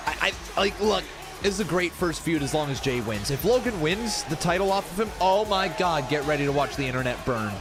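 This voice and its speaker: A man hosting a live watch-along stream, reacting to wrestling with excited, emotional exclamations. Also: a little high, brisk, over music.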